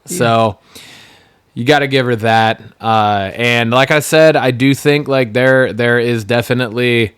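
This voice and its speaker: Smooth-voiced man co-hosting a podcast. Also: medium pitch, a little slow, no room sound, clean studio sound. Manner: relaxed, chatty, laughs often, filler words. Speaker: podcast co-host. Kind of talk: casual wrestling chat.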